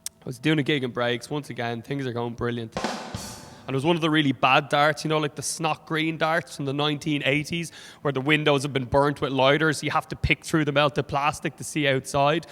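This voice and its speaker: A man's voice: fairly high pitch, level tone, a little fast, fairly bright tone, a little hiss or hum. A young Irish man doing stand-up comedy in a club, sardonic and full of swearing, with an Irish accent. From Ireland. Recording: hall reverb from a club stage.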